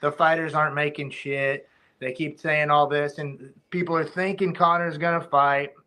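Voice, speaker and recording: A man's voice: a little high, steady tone, moderate pace, sharp tone. A man, a former fighter, talking casually as a podcast guest, rambling with many restarts.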